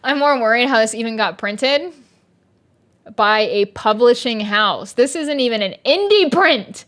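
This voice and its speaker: A woman's voice: on the high side, animated, a little slow, a bit bright. Young woman ranting sarcastically on stream. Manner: exasperated, sarcastic, swears a lot. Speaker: VTuber streamer reviewing a book. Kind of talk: casual ranting stream chat. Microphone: streaming mic.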